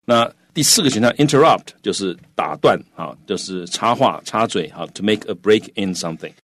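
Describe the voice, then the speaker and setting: Man, very low voice, patient bilingual English lesson, dry studio sound. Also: no room sound. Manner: patient and steady, with frequent filler sounds and slowed English terms. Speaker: English teacher explaining in Chinese.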